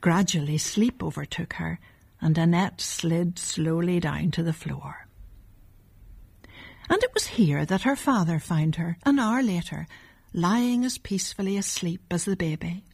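A woman reading a story aloud, softly and often in a half whisper. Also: lowish voice, a little slow, gravelly, husky.

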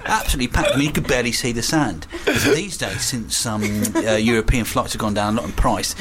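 A man's voice: mid-range voice, fast, noisy background. A man co-hosting a podcast, joking with a dry, mock-serious manner. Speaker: podcast co-host. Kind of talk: casual banter.

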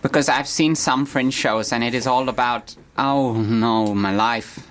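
A man playing a deadpan comic character. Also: mid-range voice, natural voice. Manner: halting, deadpan, slow and hesitant. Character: deadpan German man who invented a posh stage character. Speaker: comedy guest in character. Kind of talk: improvised radio comedy interview.

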